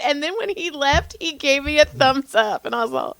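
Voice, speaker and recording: A woman in her thirties, a podcast co-host telling a story in casual chat, animated, swearing freely and laughing often. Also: high voice, a little fast, hardly any pauses, no room sound.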